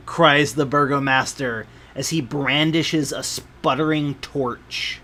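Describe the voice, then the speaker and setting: A man narrating a tabletop game as game master, describing scenes in a measured, descriptive way. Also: fairly high pitch, steady tone, bright, forceful tone.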